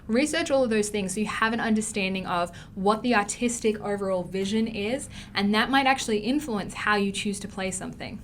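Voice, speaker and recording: A woman's voice: mid-range voice, fairly quick, hardly any pauses. A woman with an Australian accent giving an online acting lesson, emphatic and repeating key words for stress. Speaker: acting teacher.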